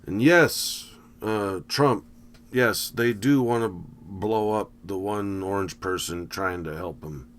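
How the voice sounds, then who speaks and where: Low-voiced man giving wry movie commentary. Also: slow, fairly bright tone. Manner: rambling, wry, sarcastic asides. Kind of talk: casual running movie commentary.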